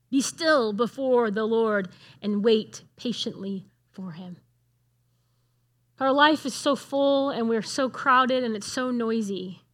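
A woman's voice: mid-range voice, a bit bright. A middle-aged woman giving a conversational sermon, earnest and asking the room questions. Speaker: speaker at a church gathering.

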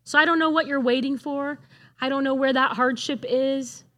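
A woman's voice: high voice, fairly even intonation, moderate pace, fairly bright tone. A middle-aged woman giving a conversational sermon, earnest and asking the room questions. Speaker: speaker at a church gathering.

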